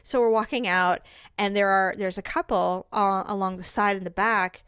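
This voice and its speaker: A woman's voice: medium pitch, normal speed, clean tone, no echo, clean studio sound. A woman telling a long funny story in casual chat and acting out the people in it. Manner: animated storytelling, acts out quoted voices.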